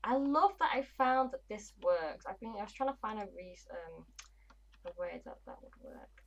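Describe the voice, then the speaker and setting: A woman in her 20s with a mid-range, animated, gravelly voice chats on a gaming livestream at a moderate pace, swearing without restraint and muttering to herself as she plays. Her manner is blunt and casual, and the audio sounds dull.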